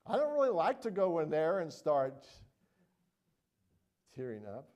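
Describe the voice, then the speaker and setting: Earnest middle-aged preacher, mellow voice. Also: male voice, fairly high pitch, huge pitch swings, measured pace, highs cut off. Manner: earnest, conversational, frequent "all right?" and "you know". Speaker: pastor. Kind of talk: sermon.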